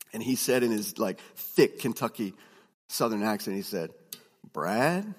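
A man teaching a class of preachers, chatty and relaxed, with fillers and restarts as he tells stories. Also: fairly low pitch, in a large hall. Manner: conversational, many fillers and restarts, storytelling asides. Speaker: preaching instructor.

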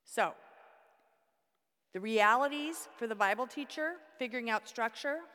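A woman's voice: fairly high pitch, measured pace, pushed and bright. A woman teaching a Bible study class, explaining step by step with props and asking the class questions. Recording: long hall reverb.

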